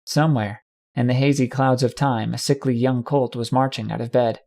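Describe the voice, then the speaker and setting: A man reading a first-person fan fiction audiobook with steady, dramatic storytelling. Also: mid-range voice, moderate pace, gravelly. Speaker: audiobook narrator.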